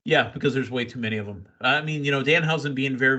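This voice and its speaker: A man hosting a casual wrestling recap podcast, excitable and quick with asides and laughs. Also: mid-range voice, lo-fi sound. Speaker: podcast host.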